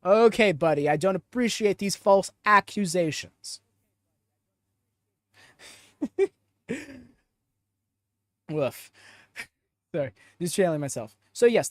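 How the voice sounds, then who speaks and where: A man hosting a live podcast, chatting in an animated, opinionated way and rambling off on tangents as he reads the audience chat aloud. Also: sits high, no room sound, clean studio sound. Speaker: podcast host.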